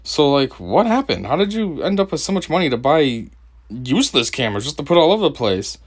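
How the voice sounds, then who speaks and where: Man, young adult, from Connecticut, reaction commentary, mocking, laughing, very lively intonation. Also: a little high. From Connecticut, USA. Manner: mocking, laughs often, pauses the clip to comment. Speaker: commentary host. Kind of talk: reaction commentary over a video.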